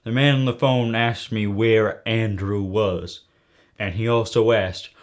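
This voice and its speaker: A man doing a drawling noir private eye. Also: on the low side. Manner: slow, drawling noir narration. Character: hard-boiled male film noir private eye. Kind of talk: comedy sketch character voice.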